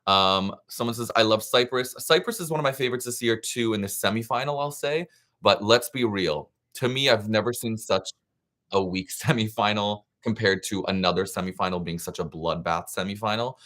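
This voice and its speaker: A young man hosting a live reaction stream, chatty and excitable, giving frank opinions in a scattered, casual way. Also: fairly low pitch, normal speed. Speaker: livestream reaction host.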